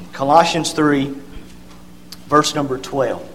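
A man's voice: medium pitch, takes it slowly, big-room sound, slight background noise, low-quality recording. A man preaching a sermon, earnest, with fillers and repeated words as he reads scripture aloud.

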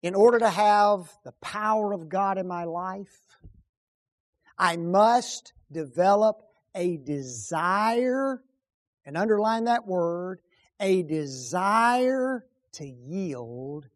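A man preaching a sermon, swinging between loud emphatic peaks and hushed low asides, and asking the congregation rhetorical questions. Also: lively intonation, slow.

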